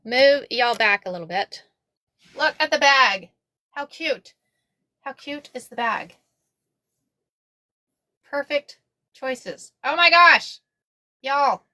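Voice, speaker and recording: A bright, forceful-sounding woman in middle age talks straight to her livestream viewers as she sews. Her voice sits fairly high. She is excitable and chatty and says everything twice. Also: slow, pauses often. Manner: excitable, repeats herself, says y'all often. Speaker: craft livestream host. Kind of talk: casual livestream chat while sewing.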